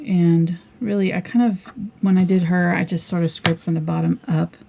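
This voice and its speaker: A chatty middle-aged woman walks viewers through a painting, thinking out loud as she goes. Her voice sits low and a little gravelly, with a mellow tone over faint room noise. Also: fairly even intonation, normal speed. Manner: chatty, giggly, thinks aloud while painting. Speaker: painting instructor. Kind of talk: live painting tutorial.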